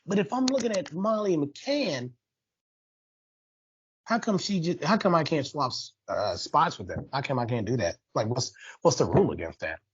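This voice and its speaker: A man on a sports podcast rants with a lively, swooping pitch, getting worked up and talking trash. His voice is a little husky, and the recording sounds dull and lo-fi. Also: moderate pace. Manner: animated, heated, trash-talking. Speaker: podcast co-host. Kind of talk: casual ranting sports talk.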